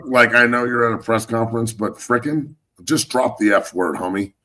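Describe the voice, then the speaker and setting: A man's voice: mid-range voice, moderate pace, sharp tone. A man hosting sports talk, a former football player who speaks bluntly and curses constantly in a rambling way. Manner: blunt, heavily profane, rambling.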